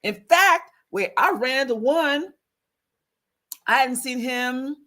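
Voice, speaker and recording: A woman's voice: high voice, lively intonation, takes it slowly, a bit bright. A woman spiritual teacher telling a story casually to her online audience, laughing often and stressing points with "okay?" asides.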